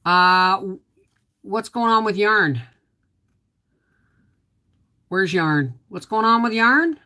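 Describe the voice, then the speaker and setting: A woman's voice: medium pitch, animated, slow pace, sharp tone. A middle-aged woman hosting a casual homestead livestream, rambling chattily and greeting viewers by name, her voice a little off. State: voice slightly off.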